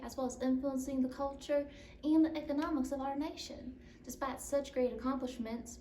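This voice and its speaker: Mellow-voiced woman as news anchor. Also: high-pitched. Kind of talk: scripted news sign-off. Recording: echoey room, mic far off, faint hiss.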